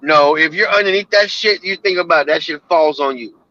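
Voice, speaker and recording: A man's voice: fairly high pitch, brisk, sharp tone, dry recording, dull audio. A man from Florida, a tow truck driver, telling stories over the phone in casual profane talk with stammering restarts. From Florida, USA. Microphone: phone while driving.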